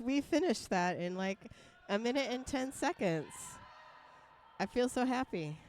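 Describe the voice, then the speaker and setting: A woman's voice: fairly high pitch, lively intonation, measured pace, a little mellow. A woman announcing a roller derby bout live, giving play-by-play with playful, jokey banter between calls.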